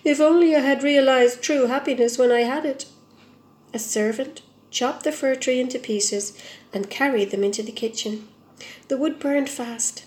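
A woman reading a fairy tale aloud in a gentle, measured storybook manner. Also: a little high, reverberant, slight background noise.

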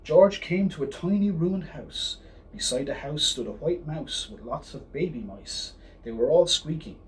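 A man reading a children's picture book aloud as a storyteller, in a lively, expressive way. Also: fairly high pitch, unhurried. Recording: distant mic, faint hiss.

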